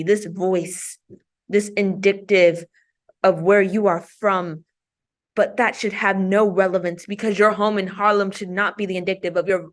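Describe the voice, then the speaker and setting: A woman recites spoken-word poetry with measured, emphatic phrasing, leaning on each line for effect. Her voice sits at an ordinary middle pitch for a woman. She performs as an invited guest. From Maryland. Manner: deliberate, emphatic performance delivery.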